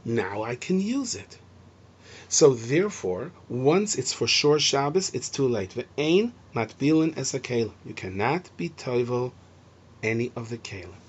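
Husky bright-voiced guy teaching mishnah, muffled lo-fi audio. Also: mid-range voice. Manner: animated, acts out shouting and gentle speech. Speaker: Torah teacher. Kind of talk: explaining Mishnah to students. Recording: dull lo-fi recording.

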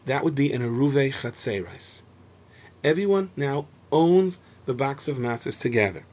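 A man explaining Mishnah to students, lively and acting out the lines he quotes. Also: medium pitch, husky. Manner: animated, acts out shouting and gentle speech. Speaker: Torah teacher. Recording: dull lo-fi recording.

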